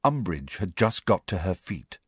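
A man reading a novel aloud in steady, measured narration. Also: low voice, breathy edge, no room sound, studio quality. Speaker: audiobook reader. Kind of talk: scripted narration.

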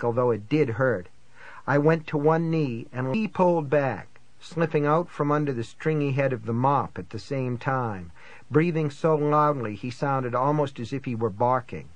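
A man narrating a first-person thriller audiobook in a tense, measured storytelling manner. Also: medium pitch, no echo.

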